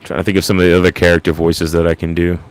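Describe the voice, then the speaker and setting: Low-voiced joking livestream host. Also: male voice, level tone, very fast, dry recording. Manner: self-deprecating, jokey, rambling. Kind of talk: casual chat with live viewers.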